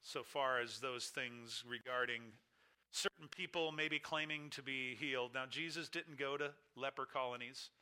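Very bright-voiced emphatic male preacher. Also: steady tone, moderate pace, smooth. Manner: emphatic preaching with wide swings in pitch and volume. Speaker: pastor. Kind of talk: sermon.

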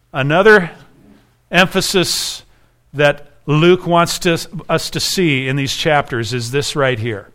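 A man preaching an expository sermon, emphatic, repeating key phrases and slowing down for quoted scripture. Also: mid-range voice, fairly bright tone.

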